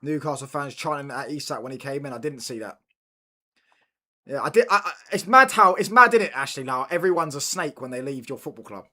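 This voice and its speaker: Slangy young guy, bright voice. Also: mid-range voice, lively intonation, brisk. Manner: repeats lines, slangy banter with chat. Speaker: watchalong streamer. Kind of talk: casual live-stream chat.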